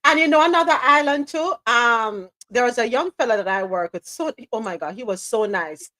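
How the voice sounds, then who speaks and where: A woman's voice: a little high, expressive, moderate pace, sharp tone, dry recording. A woman hosting a live talk show, chatty and teasing, often laughing as she talks. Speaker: show host. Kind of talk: lively live-show banter.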